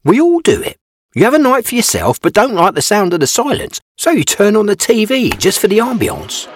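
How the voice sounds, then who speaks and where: A chatty, earnest commercial mascot, pitched high with a very lively swing to every phrase. He sounds sincere and a little sentimental. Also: a little fast, slight background noise. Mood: reassuring. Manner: chatty, earnest, gets choked up. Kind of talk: commercial voice acting.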